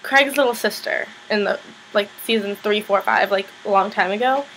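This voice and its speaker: A woman's voice: mid-range voice, normal speed, a bit bright, slight background noise, low-quality recording. A woman casually recapping a TV episode, rambling with lots of fillers and blunt opinionated asides. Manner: rambling, filler-heavy, chatty.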